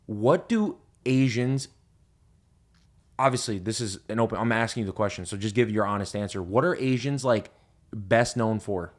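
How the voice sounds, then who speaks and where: A young man hosting a podcast, telling stories in casual chat with lots of swearing and loud laughs at his own punchlines. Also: lowish voice, moderate pace. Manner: profane, animated storyteller, laughs loudly at punchlines. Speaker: podcast host.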